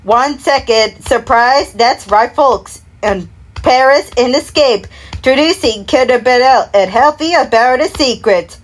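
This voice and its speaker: A woman whose voice is fairly high speaks at a measured pace, acting out a whole television commercial break alone. She mumbles and slurs through product names and slogans as she rambles, filling in jingles with hummed and sung "da da" sounds.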